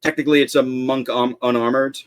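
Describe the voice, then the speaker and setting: A man's voice: medium pitch, flat delivery, brisk, clean tone, no room sound. A man playing in a tabletop game, declaring his moves hesitantly and checking the rules aloud. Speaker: player. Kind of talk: casual tabletop game play.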